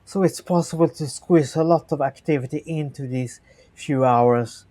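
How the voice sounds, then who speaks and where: A man from Sweden with a Swedish accent, a guest telling his story in a conversational interview, lively and acting out voices, often restarting words. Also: on the high side, normal speed. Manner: animated storyteller, acts out quoted voices, frequent restarts.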